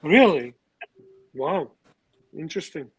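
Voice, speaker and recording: A man's voice: a little high, sing-song, takes it slowly, slightly rough, no echo, poor audio. A man arguing combatively as a guest on a live video call debate. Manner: combative, insistent. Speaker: panel guest. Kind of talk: heated casual debate.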